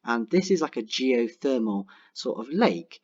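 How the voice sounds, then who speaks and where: A young man teaching a writing lesson online, talking clearly and encouragingly and slowing down to dictate example sentences. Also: mid-range voice, lively intonation, muffled recording, a little hiss or hum. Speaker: primary school teacher.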